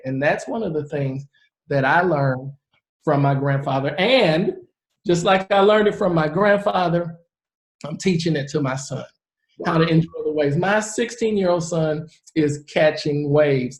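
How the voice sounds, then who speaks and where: A man in his forties, a real estate investor, giving a live presentation and telling stories in an earnest, animated way. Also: on the high side, measured pace. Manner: earnest, animated storyteller who acts out the people he quotes. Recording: roomy echo.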